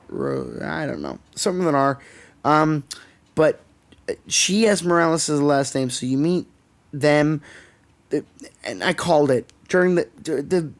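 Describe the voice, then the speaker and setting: A man's voice: on the high side, creaky. Ranting, sarcastic young Canadian man. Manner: ranting, sarcastic, swears often. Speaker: podcast co-host. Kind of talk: casual chat. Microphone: podcast microphone.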